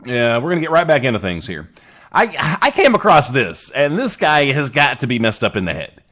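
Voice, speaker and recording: A man from the States hosts his own show and riffs on strange news with a sarcastic, rambling delivery. His pitch swings widely as he jokes through each story. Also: big pitch swings, normal speed, fairly bright tone. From United States. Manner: sarcastic, rambling asides with restarts. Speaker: podcast host. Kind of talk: casual comedic news commentary.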